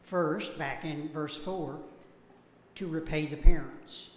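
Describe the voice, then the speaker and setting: Man teaching a church Bible class, slightly higher voice, unhurried, echoey hall, faint room noise. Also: steady tone. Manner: slow, deliberate, cites verses. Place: church auditorium.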